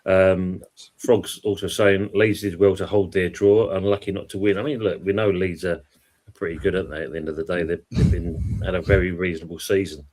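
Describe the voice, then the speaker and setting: A man's voice: sits low, steady tone, a little fast, a little mellow. A man hosting a casual football stream, chatting and reading out viewer comments. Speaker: podcast host reading live chat.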